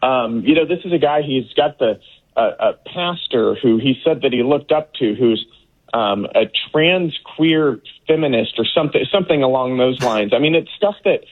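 A man's voice: medium pitch, lively intonation, normal speed. A man speaking as a political guest, scornful and dismissive, laughing at his opponents. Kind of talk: remote interview commentary. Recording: tinny phone-like line.

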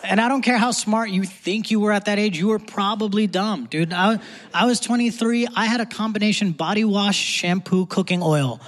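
A man's voice: high-pitched, moderate pace. A young man performing a live stand-up comedy set on a theater stage, with punchy conversational delivery. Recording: live theater crowd and hall noise.

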